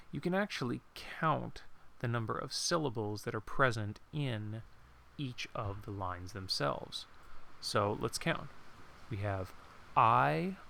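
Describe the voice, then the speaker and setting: A man with a gravelly, mid-pitched voice talks through a poem as an informal lesson. He speaks off the cuff, pausing to recall things and apologizing, then slows right down to read each verse line aloud. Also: fairly bright tone, slight background noise. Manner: unscripted, thinks aloud with pauses and apologies; reads verse lines slowly and deliberately. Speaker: poetry teacher.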